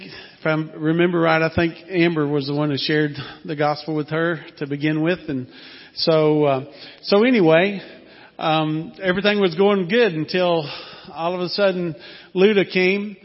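A man in his sixties with a Southern accent, a former missionary telling a folksy, rambling story to a church congregation. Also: fairly high pitch. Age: 60s. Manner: folksy, rambling with many fillers. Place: church sanctuary. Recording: dull, echoey hall sound.

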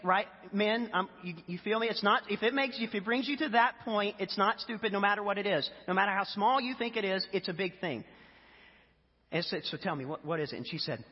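A man's voice: high voice, quick pace, slightly rough. A man who is a pastor, giving a sermon in a loose, conversational storytelling way with fillers. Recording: echoey hall, dull lo-fi sound.

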